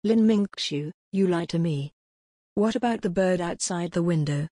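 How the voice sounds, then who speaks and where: A cheerful, naive young man blurts out his lines, as a woman narrator reads him. The voice is husky and low-set, recorded close and dry, like a storybook audiobook. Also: normal speed, mellow, no room sound, natural voice.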